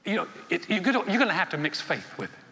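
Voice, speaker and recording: A senior pastor preaching a sermon in a folksy storytelling way, acting out little dialogues between churchgoers. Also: male voice, high voice, big pitch swings, rapid-fire, gravelly, bright, forceful tone, slight background noise. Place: church auditorium. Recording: long hall reverb.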